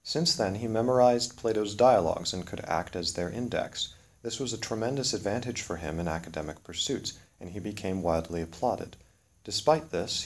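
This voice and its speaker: A man narrating a scripted literary story in a measured, solemn way. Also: on the low side.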